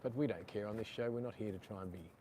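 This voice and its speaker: A man's voice: fairly low pitch, fast talker, background noise. Middle-aged australian man, chatty beach livestream host, lapel mic, faint outdoor ambience. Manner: chatty, rambling, reading out viewer comments. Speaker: live-stream host. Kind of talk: casual live-stream chat. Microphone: chest-clipped lapel mic.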